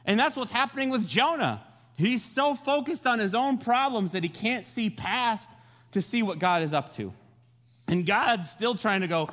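A male pastor preaching a sermon, telling the story in a jokey, animated way and acting out voices. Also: high-pitched, moderate pace, long reverb tail.

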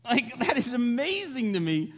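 Animated high-voiced male preacher. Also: moderate pace, long reverb tail. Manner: animated, jokey storytelling with acted-out voices. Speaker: pastor. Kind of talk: sermon.

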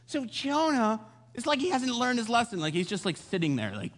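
A male pastor preaching a sermon, telling the story in a jokey, animated way and acting out voices. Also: very high-pitched, brisk, big-room sound.

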